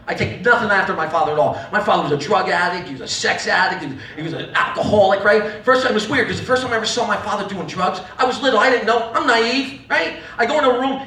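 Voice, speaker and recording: Male stand-up comic, bright, heard a bit off-mic in a roomy venue. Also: sits high, quick pace, hardly any pauses, far from the mic. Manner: rowdy, acts out voices, audience laughs throughout. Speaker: stand-up comedian. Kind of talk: live stand-up comedy.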